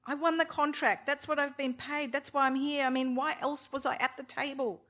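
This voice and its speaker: A woman's voice: fairly low pitch, normal speed, husky. A woman voicing a whiny, anxious young husband. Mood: defensive. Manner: whiny, self-pitying. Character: anxious young husband facing job loss.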